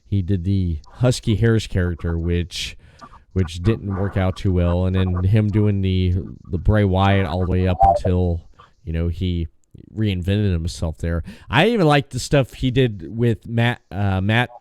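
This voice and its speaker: Low mellow-voiced male podcast host. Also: smooth, no room sound. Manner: enthusiastic, halting with repeated restarts, swears casually. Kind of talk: casual podcast chat.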